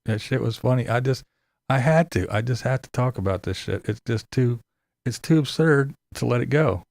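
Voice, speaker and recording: A man's voice: medium pitch, moderate pace, gravelly, darkish tone, no room sound, clean studio sound. A man hosting a casual commentary show. He talks to his chat, swears freely and breaks into laughs often. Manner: profane, laughs often, incredulous.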